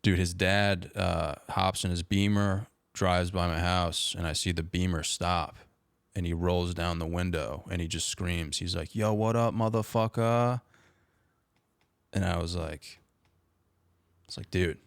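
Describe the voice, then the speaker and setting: A man's voice: low-pitched, flat delivery, a little slow, creaky, no room sound, clean studio sound. A young man telling a story as a podcast guest in casual chat, laid-back and saying "dude" and "like" all the time.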